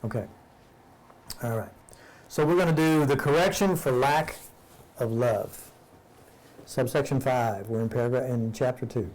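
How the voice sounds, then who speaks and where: A man's voice: mid-range voice, measured pace, long pauses, a little mellow, low-quality recording. A man leading a live-streamed study group who reads a spiritual text aloud, stumbles and rereads lines, then explains each passage in plain words.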